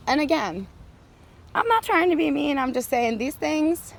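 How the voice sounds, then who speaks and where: A woman's voice: high voice, slow pace, long pauses. A woman giving a blunt, profane, ranting monologue while walking outdoors, with frequent laughs, recorded on a handheld phone. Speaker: vlogger. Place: outdoors, walking near traffic.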